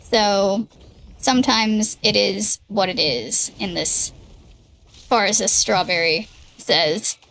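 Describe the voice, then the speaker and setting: A woman's voice: medium pitch, slow, creaky, a bit bright. A young woman streaming a card game, chatting casually and thinking aloud over her moves on a headset mic. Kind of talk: casual gaming livestream commentary. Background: faint background music.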